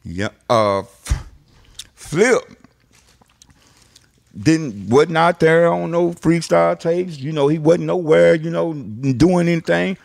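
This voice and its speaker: Gravelly man telling stories excitedly. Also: a little high, takes it slowly, no room sound, studio quality. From Texas. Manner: restless storyteller who repeats words and swears freely. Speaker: interview guest. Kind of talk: animated storytelling.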